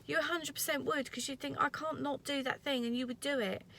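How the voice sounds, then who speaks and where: A woman's voice: high voice, steady tone, a little fast, a bit bright, slight background noise. A woman in her thirties recording an earnest, rambling motivational vlog from her parked car. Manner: earnest, rambling, tearful at times. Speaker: vlogger.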